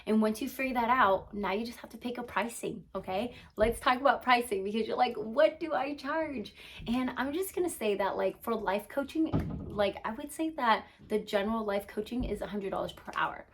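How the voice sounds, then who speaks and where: A young adult woman, a business and mindset coach, giving an energetic motivational talk to camera, peppered with "like" and asking "okay?" as she goes. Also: on the high side, fairly quick, slight background noise. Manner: energetic, emphatic, frequent "like" and "okay?" check-ins.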